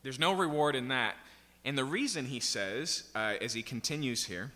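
Working through scripture verse by verse, a pastor speaks at a moderate pace with a medium-pitched, piercingly bright, forceful voice. He drives each point home and repeatedly checks in with "right?" and "okay?" A big church hall gives his words a long, ringing reverb.

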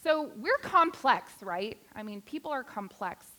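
A guest preacher, a woman, gives a sermon in a church sanctuary, blending teaching with playful, self-deprecating jokes. Her bright, sharp voice sits a little above average pitch, and she addresses the congregation directly in an easy, personable, very animated but unhurried way.

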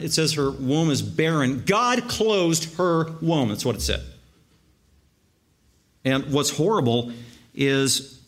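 A man with a somewhat high voice delivers a sermon. He preaches emphatically, piling up words in long repeated lists. He slows down to press on the words that matter most. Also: a bit bright. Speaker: pastor.

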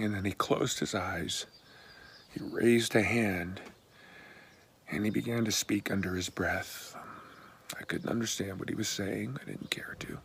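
A pastor telling a personal story in a relaxed, blunt, conversational way. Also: male voice, on the low side, moderate pace, vocal fry, breathy edge.

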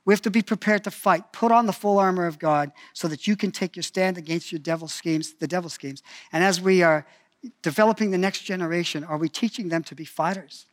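A man's voice: high voice, a little fast. An older man preaching a sermon in a conversational way, often restarting his phrases as he tells personal stories.

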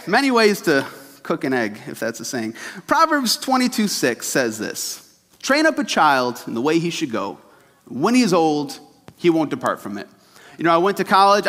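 A man's voice: on the high side, fairly bright tone. A young man, a youth pastor, preaching a sermon in a church in a casual, laughing storytelling way. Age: young adult. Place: church sanctuary. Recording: hall reverb.

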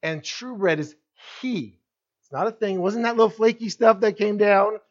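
High-voiced preaching pastor, man. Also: moderate pace, dull audio. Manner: preaching to the congregation, acting out the crowd's voices. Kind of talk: sermon.

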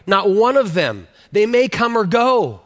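A man's voice: sits high, very animated, measured pace, a bit bright. A male pastor preaching a sermon in a conversational way, often restarting sentences and asking the congregation questions. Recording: long hall reverb.

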